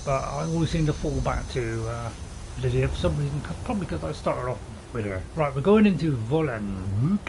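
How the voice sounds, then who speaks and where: A man with a medium-pitched, darkish, creaky voice talks fairly quickly and expressively as he streams a game. His casual commentary rambles and keeps restarting in a relaxed way, on a low-quality recording full of steady insect and cricket sounds.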